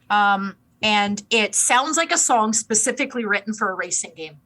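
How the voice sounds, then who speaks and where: A woman's voice: mid-range voice, moderate pace, few pauses, pushed and bright, poor audio. A woman co-hosting a casual music review podcast, playful and self-deprecating, acting out her reactions. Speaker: podcast co-host.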